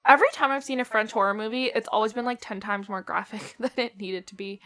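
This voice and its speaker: A woman chatting casually while reacting to a film. She is excitable and exclamatory, laughs often and swears freely. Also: mid-range voice, fast talker. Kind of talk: casual watch-along chat.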